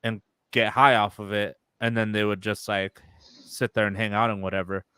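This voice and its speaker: Young male podcast co-host, smooth clean voice, dry close sound, casual profane storyteller. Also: on the low side, level tone, normal speed, sharp tone, no room sound. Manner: retells a story with quoted voices, loose and profane.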